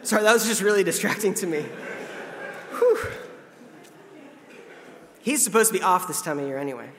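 A man's voice: high-pitched, expressive, normal speed, fairly bright tone. A man in his thirties giving a casual, conversational sermon as a pastor, self-deprecating and now and then acting out voices. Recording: long hall reverb.

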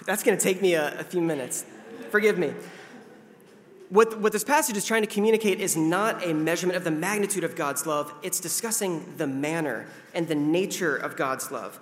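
With a high-pitched voice, lively intonation, and a moderate pace, a thirtysomething male pastor gives a laid-back, conversational sermon. He's self-deprecating and now and then slips into other voices, all heard through long hall reverb.

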